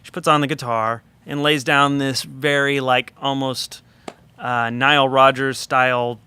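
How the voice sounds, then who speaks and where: A man in a studio conversation, a record producer telling an animated, chatty story with lots of fillers. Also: medium pitch, measured pace, smooth.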